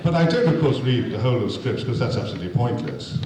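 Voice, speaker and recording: A man's voice: medium pitch, sing-song, quick pace. A man, an actor, telling a rambling, self-deprecating comic anecdote to an audience. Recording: echoey hall, distant mic, noisy.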